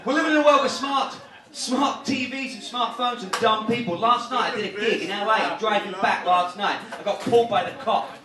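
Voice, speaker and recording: English comic, high-pitched, brash crowd work, roomy live mic from a distance. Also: male voice. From England. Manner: brash, mocking, quick crowd banter. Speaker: stand-up comedian. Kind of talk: live stand-up comedy set. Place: comedy show room. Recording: echoey room from far off, crowd laughter.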